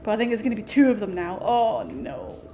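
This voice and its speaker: A woman with a warm, highish voice speaks fairly quickly as she streams a horror game, some slight noise in the background. Jumpy and prone to exclamations, she addresses the on-screen characters as well as her viewers.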